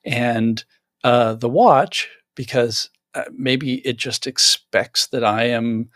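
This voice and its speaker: A man's voice: medium pitch, fairly even intonation, takes it slowly, fairly bright tone, dry recording, clean studio sound. A man as a guest author in a casual tech conversation, chatty, with many fillers and restarts.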